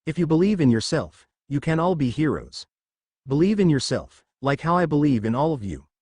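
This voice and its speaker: A man's voice: on the high side, big pitch swings, normal speed, a little mellow, husky, no room sound, clean studio sound. A man voicing an earnest teenage boy hero delivering a heartfelt pledge speech in a fan-fiction reading.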